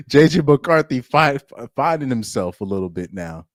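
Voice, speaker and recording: A man's voice: mid-range voice, expressive, a little slow, no room sound, clean studio sound. A man hosting a casual live stream, reacting to a football game and laughing often as he rambles. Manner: laughs often, loose and rambling with many restarts.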